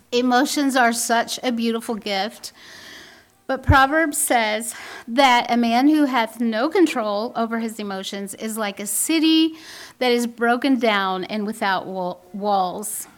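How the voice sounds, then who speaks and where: A middle-aged woman giving an earnest, wry talk on faith and raising children. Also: a little high. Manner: earnest and wry, acts out quoted voices. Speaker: speaker on Christian parenting. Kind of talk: faith-based parenting talk.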